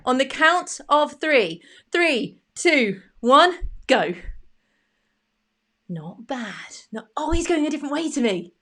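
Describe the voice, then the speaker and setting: A woman's voice: high-pitched, big pitch swings, slow pace, a bit bright. A woman co-hosting a children's craft show, chatty and bubbly. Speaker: co-host. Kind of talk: playful kids' craft show chat.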